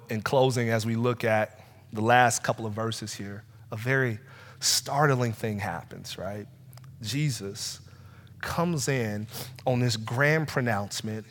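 A man preaching a sermon, rising to loud urgent pleas and dropping to slow, hushed passages. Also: medium pitch. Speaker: pastor. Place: church sanctuary. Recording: long hall reverb.

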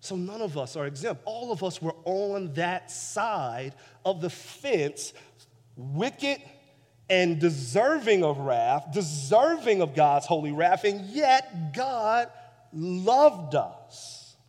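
A man preaching a sermon as pastor, building emphasis through repeated phrases, with swings from soft low passages to loud peaks. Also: sing-song, slow. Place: church sanctuary. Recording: long church reverb.

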